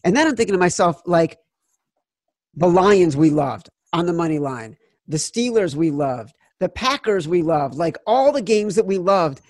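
A man in his forties, a podcast co-host telling a sports betting story and loudly acting out quotes. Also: high voice, expressive, moderate pace, no echo, studio quality. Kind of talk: casual sports betting chat.

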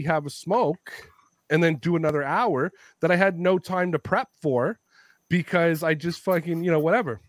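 A man's voice: a little high, no room sound. A Canadian man on a podcast, telling a story in casual chat, swearing freely and acting out the people he quotes. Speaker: podcast co-host.

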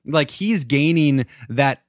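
A man hosting a casual podcast interview, animated and repeating words as he starts his points. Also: a little high, slow pace, dry recording, studio quality. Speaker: podcast host.

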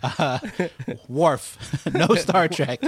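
On the high side and breathy, a man's voice moves very slowly with no echo. He co-hosts a podcast, chatting casually and retelling scenes while laughing.

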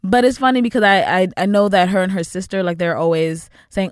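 A woman's voice: fairly low pitch, fairly quick, few pauses, clean tone, no room sound, studio quality. A woman from the Bronx, a radio producer, chatting casually with trained enunciation and many fillers. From the Bronx, New York. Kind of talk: casual chat.

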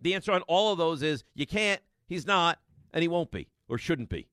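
A male sports radio host, ranting in a rapid string of repeated rhetorical questions. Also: fairly high pitch, animated, a bit bright, no room sound, studio quality. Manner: emphatic, repetitive rhetorical questions. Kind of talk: sports talk radio rant. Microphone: studio microphone.

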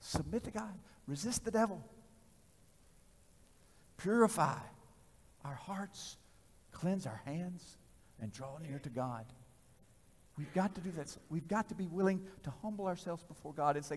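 A man's voice: fairly high pitch, lively intonation, unhurried, long pauses, breathy edge. Dramatic preacher man in an echoing hall. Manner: dramatic, swinging from loud to hushed. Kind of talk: storytelling sermon. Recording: reverberant hall.

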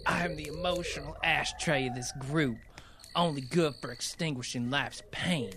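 A man's voice: fairly high pitch, moderate pace, background noise, natural voice. A man playing a brooding, drawling backwoods survivor in a comedy sketch, terse and mumbled. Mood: deadpan.

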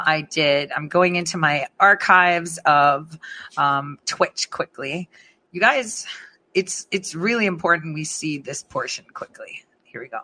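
Giggly woman streamer, bright voice. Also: lowish voice. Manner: giggly, laughs often, trailing restarts. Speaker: streamer host. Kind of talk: casual commentary on clips.

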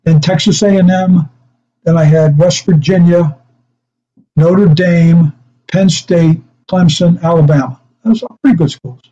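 A man's voice: on the high side, fairly even intonation, a little slow, warm tone, highs cut off. An older man, a retired coach guesting on a chat show, telling rambling stories with chuckles and restarts. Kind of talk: casual chat, storytelling.

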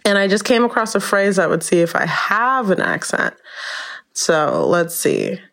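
New York-accented woman caller, shy and friendly, swinging pitch. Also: huge pitch swings, measured pace, creaky, fairly bright tone. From Brooklyn, New York. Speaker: voicemail caller. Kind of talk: casual voicemail message.

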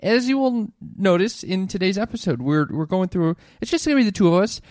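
A man's voice: high voice, expressive, brisk, a little mellow, dry recording, studio quality. A young man co-hosting a comedy podcast with his mother, upbeat and often stumbling over his words. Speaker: podcast co-host. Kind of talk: casual chat.

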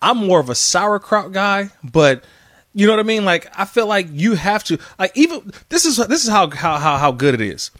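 A lively man co-hosts a relaxed chat, his voice a little higher than most and swinging widely in pitch. He laughs often and repeats himself as he works out a thought. The sound is dry and close. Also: normal speed, no room sound. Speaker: co-host reading listener questions. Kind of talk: casual chat.

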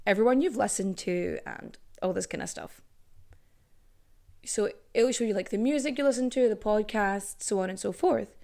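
A young woman hosting a history podcast in casual, animated chat, swearing freely. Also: mid-range voice. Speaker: podcast host.

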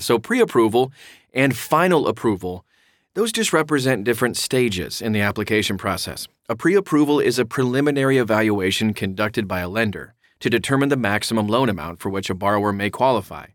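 Male explainer voice, mid pitch, clear and instructive with casual asides, close and dry sound. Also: dry recording. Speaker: mortgage explainer. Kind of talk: reading an explainer aloud.

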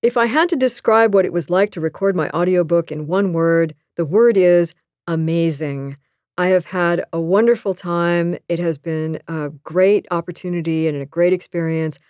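A woman's voice: lowish voice, normal speed, a little mellow, no echo, studio quality. A woman, an author and archaeologist, introducing her book in an earnest, enthusiastic way.

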